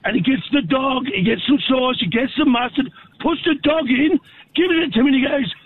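An Australian man calling in to a radio show and telling a lively story, acting out the voices he quotes. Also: very high-pitched, brisk, slight background noise. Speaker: caller. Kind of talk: animated storytelling. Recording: tinny phone line.

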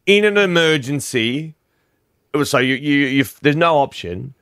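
A man's voice: on the high side, expressive, normal speed, a bit bright, smooth, no echo, studio quality. An Australian man co-hosting a radio breakfast show, laid-back and joking, a little rambling. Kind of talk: casual on-air banter. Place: radio studio. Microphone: studio microphone.

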